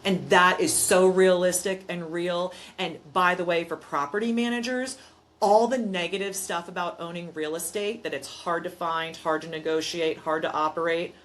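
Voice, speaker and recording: A woman's voice: on the low side, fairly bright tone, slight background noise. A woman property manager and investor talking in a casual podcast conversation, explaining things emphatically and telling stories in which she acts out both sides.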